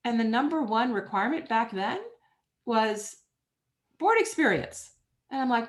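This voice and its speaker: A middle-aged woman answering interview questions as a guest author, telling stories in an emphatic, energetic way. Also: a little high, a little slow, pauses often.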